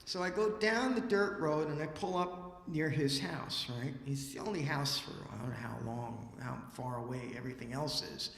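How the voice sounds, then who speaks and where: Bright-voiced storyteller man in an echoing hall. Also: on the high side, moderate pace, gravelly. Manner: lively, acts out dialogue, casual asides. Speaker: musician and storyteller on stage. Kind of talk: animated live storytelling. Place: library event hall. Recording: roomy hall with long reverb.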